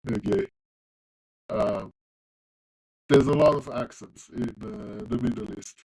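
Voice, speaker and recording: A man with a non-native English accent that leans American talks through his coding on a livestream. His pitch sits in the middle range. He rambles comfortably, full of fillers and false starts, like casual chat with his viewers. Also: slow, darkish tone, rough recording. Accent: non-native English accent, closer to American. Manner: loose and chatty, many ums and restarts.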